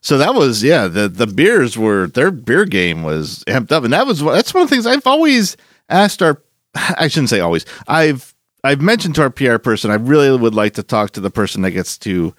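Gravelly, animated male podcast co-host. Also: mid-range voice, moderate pace, no echo, studio quality. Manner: animated, rambling with frequent restarts. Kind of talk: casual chat.

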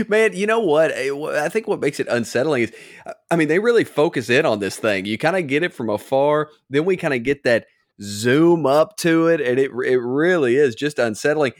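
A man's voice: a little high, expressive, normal speed, no echo, studio quality. A man co-hosting a casual podcast, talking loosely with many fillers. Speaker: podcast co-host.

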